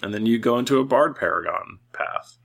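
A man's voice: mid-range voice, animated, brisk, vocal fry, a bit bright, slightly rough. A man co-hosting a casual podcast among friends, rambling with fillers and teasing the others. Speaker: podcast co-host and editor.

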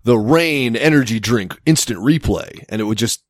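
A man's voice: mid-range voice, animated, normal speed, dry recording, clean studio sound. A man in casual chat, telling a rambling story with plenty of swearing and laughter.

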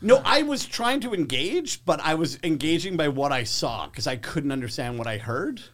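Man guest, high and lively voice, storyteller who acts out voices. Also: moderate pace. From English-speaking, not French-native. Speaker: guest comedian. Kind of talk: casual podcast chat.

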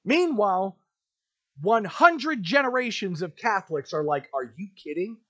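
A man's voice: high-pitched, animated, measured pace, sharp tone. A man hosting a podcast, delivering an emphatic, ranting monologue with lots of repetition. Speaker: podcast host.

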